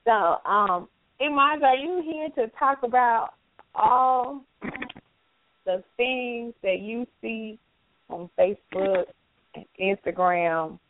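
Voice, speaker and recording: A woman's voice: fairly high pitch, slow pace, slight background noise. A woman host with a Southern American accent, chatting casually and teasing with laughter. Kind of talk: casual chat. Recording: tinny phone line.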